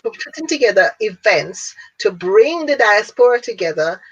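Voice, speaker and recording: A woman in her fifties from Jamaica, with a Jamaican accent, telling her story as an interview guest in an animated way and laughing often. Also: medium pitch, moderate pace, husky. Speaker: guest, speaker and businesswoman. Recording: dull lo-fi audio.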